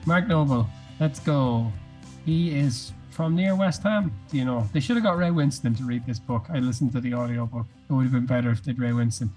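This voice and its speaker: A man co-hosting a casual podcast chat, setting quiz questions in a measured, wry way. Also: mid-range voice, a little mellow, soft background music. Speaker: podcast co-host.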